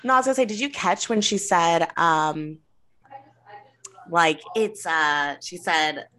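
A woman's voice: on the low side, unhurried, pushed and bright, slight background noise. A woman co-hosting a podcast from home, chatting casually and animatedly, with lots of fillers. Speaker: podcast co-host. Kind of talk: casual chat.

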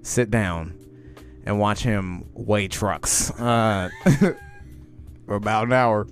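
A young adult man hosting a comedy podcast, ranting excitedly and often shouting. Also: lowish voice, slow pace, soft background music. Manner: excitable, ranting, peppered with "you know what I'm saying". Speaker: podcast host. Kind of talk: comic ranting podcast chat.

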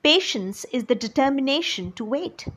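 A woman reading a true story aloud to children, in an expressive storytelling manner and speaking directly to her young listeners. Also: sits high, moderate pace, breathy edge.

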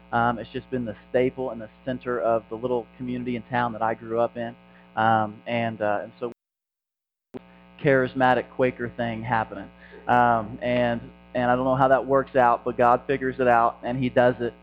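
A man from Indiana who pastors a church, speaking as a guest at a church service with self-mocking humor and lots of ums. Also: medium pitch. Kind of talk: casual sermon talk. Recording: dull sound with faint mains hum.

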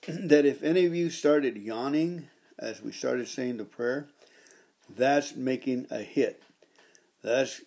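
A man's voice: medium pitch, warm tone. A man hosting a devotional podcast, leading repeated prayers and reading aloud with fervent, repetitive exhortation.

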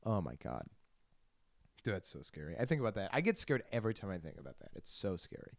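A man's voice: fairly low pitch, huge pitch swings, quick pace, creaky, no echo. A young man hosting a solo podcast, telling crude stories with a lot of laughing and self-mockery. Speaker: podcast host. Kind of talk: rambling solo podcast monologue.

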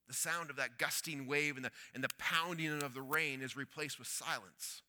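A man preaching a sermon, telling a story that swings between loud urgency and hushed quiet. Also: a little high, moderate pace, hardly any pauses.

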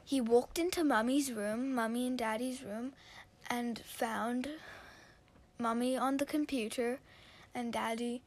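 A woman telling a story in a loose, improvised way, with fillers and restarts. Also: on the high side.

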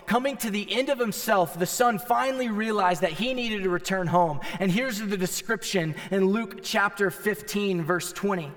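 A man preaching a sermon as pastor, emphatic, swinging from loud declarations to hushed near-whispers. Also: sits high, moderate pace, hardly any pauses, big-room sound.

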